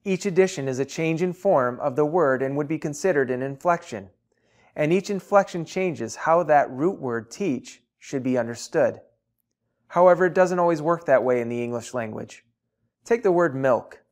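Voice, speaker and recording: A man presenting a software tutorial, explaining grammar in a measured, deliberate, teacherly way. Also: a little high, animated. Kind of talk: scripted explanatory narration.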